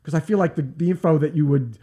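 A man hosting a podcast, chatty and playful, interviewing a guest and giving listener shout-outs. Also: a little high, quick pace, slightly rough. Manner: chatty, playful, animated, mocks accents in jest. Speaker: podcast host. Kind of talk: casual interview chat with live shout-outs.

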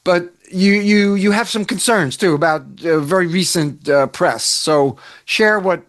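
High-voiced American host, dry sound. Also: male voice, a bit bright, dry recording. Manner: chatty, wry, halting restarts in talk. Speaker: radio show host. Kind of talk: hosting a podcast interview.

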